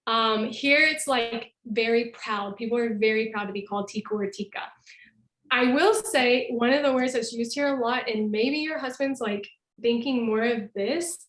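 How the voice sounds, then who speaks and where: A woman's voice: on the high side, normal speed, fairly bright tone, roomy sound, poor audio. A woman giving a casual online presentation from where she lives, explaining with examples and laughing often. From North America. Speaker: presenter living in Costa Rica.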